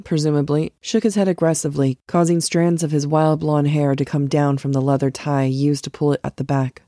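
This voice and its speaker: A woman narrating a fantasy novel chapter in a measured storytelling voice. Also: low-pitched, warm tone, no echo, clean studio sound. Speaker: author narrator. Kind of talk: audiobook narration.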